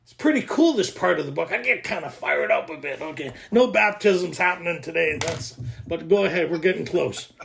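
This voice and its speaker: A man leading a recovery workshop, joking, excitable and laughing often as he explains the reading. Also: a little high, brisk, creaky. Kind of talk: animated teaching talk.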